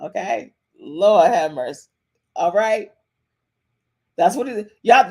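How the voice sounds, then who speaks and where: A woman's voice: mid-range voice, animated, slow, gravelly, dark tone, breathy edge. Chatty woman podcast host. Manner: chatty, repeats phrases, frequent "okay?" tags. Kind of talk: casual live-stream commentary.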